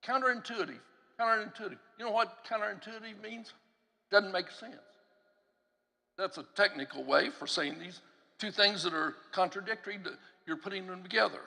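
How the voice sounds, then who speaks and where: A man preaching a teaching-style sermon in a church, telling stories with an animated delivery, laughing between phrases and acting out the voices he quotes. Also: sits high, normal speed, gravelly. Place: church sanctuary. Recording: long church hall reverb.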